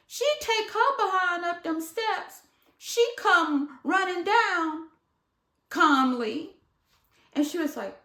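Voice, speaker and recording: High-voiced woman telling a story slowly. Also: creaky. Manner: animated, dramatic retelling with voiced quotes; drops to hushed near-whispers at times. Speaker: vlogger. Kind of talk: casual storytime. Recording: echoey room.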